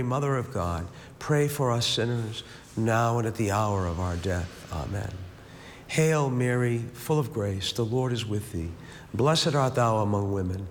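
Male prayer leader, measured rosary recitation, reverberant room, light background noise. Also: on the low side. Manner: steady rhythmic recitation, falling on each amen; slow reflective speaking in the meditation. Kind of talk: leading a recited rosary with a meditation. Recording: long reverb, faint background hiss.

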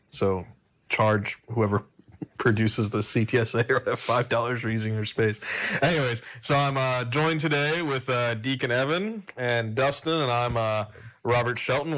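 A man's voice: medium pitch, fairly bright tone. Young guy, seminarian host, casual chat, cracks bad jokes. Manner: joking, self-deprecating, loose.

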